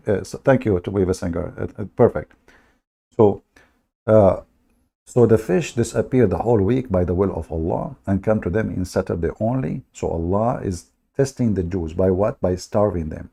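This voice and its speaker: A man's voice: low-pitched, moderate pace, creaky, warm tone, husky. A man hosting a livestream, telling a story in a mocking, sarcastic way in broken English. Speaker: host of a livestream. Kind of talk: livestream commentary.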